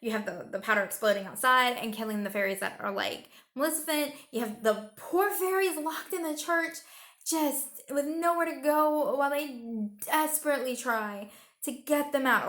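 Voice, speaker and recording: A woman's voice: sits high, normal speed, a bit bright. A young woman giving a casual, rambling movie review. She retells the plot emotionally, with lots of fillers, and sounds tired.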